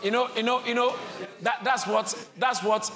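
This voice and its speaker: A man preaching a sermon in a church, exhorting and repeating his point, moving from low calm passages to shouted peaks. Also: normal speed. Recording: live church crowd responding.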